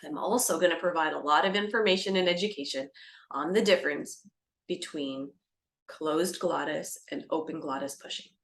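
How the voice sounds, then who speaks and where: Speaking to camera about birth practice, this animated doula acts out scenes, gasping at moments and shifting into a gentle, soothing tone. She sits low in pitch and keeps a moderate pace.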